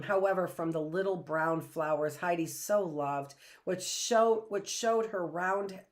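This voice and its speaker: A woman with a low, even voice reads a storybook aloud the way a teacher would. She takes her time, stays gentle, and now and then stops to restart a word. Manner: slow, gentle reading with small restarts.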